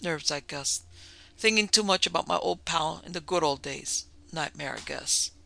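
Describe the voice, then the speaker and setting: A man's voice: a little high, moderate pace, gravelly, pushed and bright. A man voicing a big, terrified male convict who stammers and pleads through chattering teeth. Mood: evasive.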